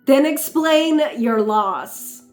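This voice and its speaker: Sharp sarcastic young woman read by a woman, high voice, slow pointed delivery. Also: animated, soft background music, full character voice. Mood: accusing. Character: young woman confronting a lying lover, indignant.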